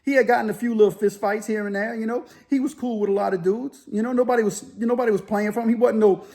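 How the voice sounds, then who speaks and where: A man telling a story casually, loosely and with animated sound effects. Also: high-pitched, fast talker. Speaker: storyteller, former inmate.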